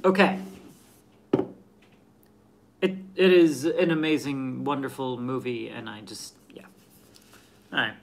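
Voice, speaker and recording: A man's voice: medium pitch, fairly even intonation, slow, vocal fry, pauses often. A man hosting a casual live stream, who stammers and repeats his words as he chats.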